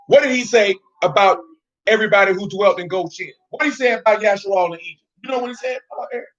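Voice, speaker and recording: A man's voice: extremely high pitch, fairly bright tone, dull audio. A man teaching an informal Bible study, talking in slang and quizzing listeners by name. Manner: slangy, street-talk preaching.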